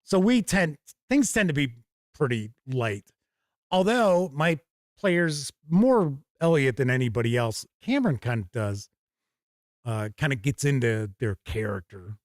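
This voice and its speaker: A man's voice: medium pitch, big pitch swings, a little slow, no echo, clean studio sound. A man hosting a live stream in a casual, chatty way, reading out viewer comments and reacting off the cuff. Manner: chatty, reads out chat comments and responds off the cuff. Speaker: host reading viewer chat. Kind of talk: casual livestream chat.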